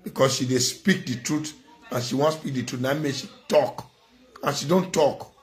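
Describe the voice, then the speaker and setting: A man's voice: mid-range voice, moderate pace, soft background music. Scolding man with a Nigerian accent. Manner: scolding, preachy, repeats phrases for emphasis. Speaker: commentator. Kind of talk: ranting vlog commentary.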